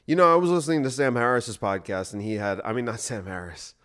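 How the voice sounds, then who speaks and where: A male podcast host talks on his own in a loose, rambling way. He swears easily, and his sarcasm runs through everything he says. His voice sits at an ordinary middle pitch for a man. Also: quick pace, fairly bright tone. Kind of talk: casual solo podcast monologue.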